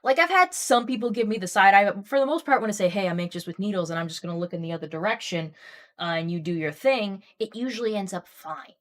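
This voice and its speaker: A woman streamer chatting casually and telling a long story, getting animated and worked up as she rambles. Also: medium pitch, quick pace.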